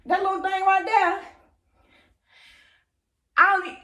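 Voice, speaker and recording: A young woman chatting excitedly to her viewers in a vlog, still out of breath after a workout. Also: very high voice, slow pace. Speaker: vlogger. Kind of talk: casual chat to camera.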